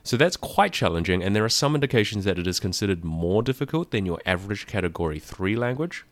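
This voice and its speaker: A man hosting a podcast, explaining a language in a clear, methodical way with dry asides. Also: fairly low pitch, lively intonation, fast talker, no echo. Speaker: podcast host teaching about a language.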